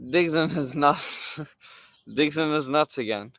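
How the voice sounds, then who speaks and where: A young man telling a story from his day in a casual, animated way, swearing and using lots of fillers. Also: a little high, slow, slight background noise. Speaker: streamer.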